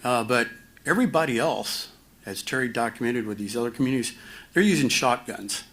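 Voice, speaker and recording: A man presenting finance slides at a community town hall, halting with many fillers and restarts and a dry, self-mocking humor. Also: medium pitch, a bit bright.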